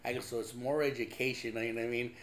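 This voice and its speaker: A man's voice: medium pitch, flat delivery, quick pace. A man hosting a podcast, telling loose, profane stories in casual chat with frequent laughter. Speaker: podcast host.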